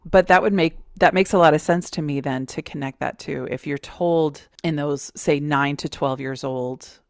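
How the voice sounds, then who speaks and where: Podcast host: woman, gravelly fry, playful and teasing, dry close sound. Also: sits low, normal speed, no echo. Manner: playful, teasing, laughs often. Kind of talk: casual conversational interview.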